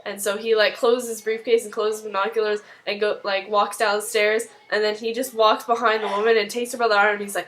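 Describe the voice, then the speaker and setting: A woman's voice: on the high side, a little fast, hardly any pauses, a bit bright, poor audio. A young woman casually retelling a TV episode, rambling and full of fillers. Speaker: video recap host.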